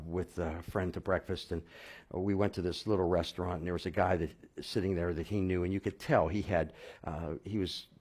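A middle-aged man tells his own story in a loose, rambling way, stumbling over restarts and fillers. His voice sits fairly low. He swings between loud, excited bursts and quiet, subdued stretches. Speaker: guest telling his testimony. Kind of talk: casual personal storytelling.

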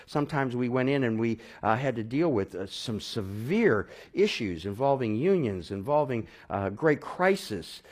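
A middle-aged man telling a personal story in a casual, rambling way, full of fillers and restarts, rising to loud excited bursts and dropping to quiet low stretches. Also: normal speed, hardly any pauses. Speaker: guest telling his testimony.

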